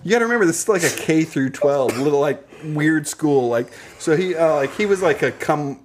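A young man co-hosting a casual podcast, telling a story in a loose, rambling way, stacking up fillers and false starts as he goes. His voice sits a bit high for a man. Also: lively intonation, moderate pace, slight background noise. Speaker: podcast co-host.

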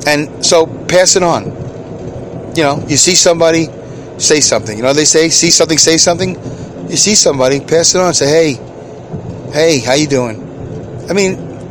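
A man's voice: fairly high pitch, lively intonation, moderate pace, long pauses, slight background noise. A middle-aged man hosting a solo podcast from inside his vehicle, rambling, chuckling at himself and answering his own questions. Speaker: podcast host.

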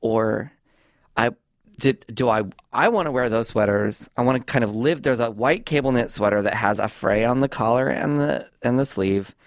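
A man hosting a comedy podcast, chatting in a rambling, animated way on a close studio mic. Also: medium pitch, normal speed, no echo. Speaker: podcast host. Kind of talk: casual comedic chat.

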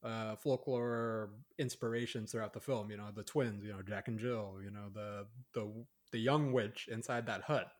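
A man's voice: on the low side, steady tone, moderate pace, hardly any pauses. Rambling man chatting about a film. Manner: rambling, many fillers and restarts. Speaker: podcast co-host. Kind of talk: casual chat reviewing a horror film.

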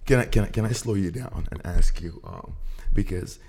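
A man's voice: deep voice, normal speed, creaky, darkish tone, husky. A man hosting a podcast interview, encouraging his guest with slangy follow-up questions. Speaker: podcast host. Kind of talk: casual interview talk.

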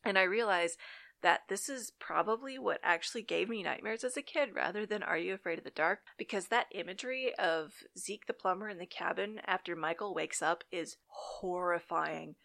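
A woman's voice: on the low side, moderate pace, creaky, fairly bright tone. A young woman hosting a podcast, recapping an old TV episode in a chatty, enthusiastic, nostalgic way. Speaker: podcast host.

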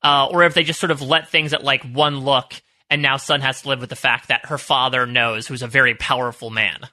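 A man's voice: medium pitch, fairly even intonation, brisk, bright, forceful tone. A man co-hosting a podcast, chatting casually with an enthusiastic, rambling, jokey manner. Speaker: podcast co-host. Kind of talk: casual chat.

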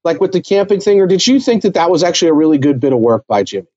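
A man's voice: a little high, big pitch swings, very fast, dark tone, lo-fi sound. A man co-hosting a casual TV recap podcast, talking things through in a thoughtful, analytical way. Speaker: podcast co-host.

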